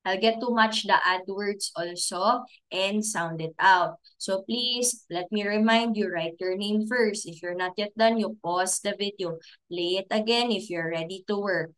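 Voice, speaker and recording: A woman teaching a recorded preschool class, talking slowly and sounding out letters step by step for small children. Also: mid-range voice, fairly bright tone. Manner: slow, sounding out letters and giving simple steps.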